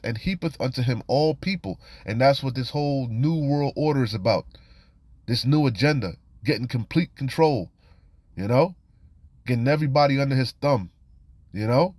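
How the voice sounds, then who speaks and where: A man preaching in an informal, streetwise manner, reading verses aloud and then explaining them in plain talk. His voice sits at a medium pitch, and he keeps dropping in "you know" and "man". The sound is dry and close, with no room echo. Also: darkish tone. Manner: reads scripture aloud then comments. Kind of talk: informal scripture teaching.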